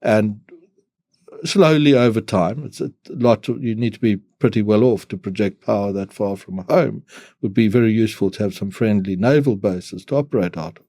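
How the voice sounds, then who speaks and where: A man as a podcast guest, talking in measured phrases and often repeating words as he starts them. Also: fairly low pitch, warm tone, no room sound, studio quality. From South Africa. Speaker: guest analyst. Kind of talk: podcast interview.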